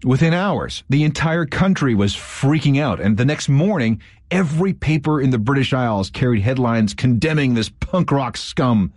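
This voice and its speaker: A man hosting a radio history show, telling a story in lively, wry narration. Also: medium pitch, normal speed, no echo, studio quality. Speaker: radio host.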